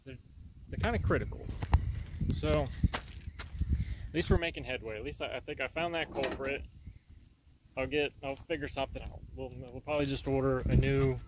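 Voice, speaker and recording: A man's voice: medium pitch, noisy background. A man talking casually about his project in a workshop vlog, rambling and folksy. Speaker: vlogger.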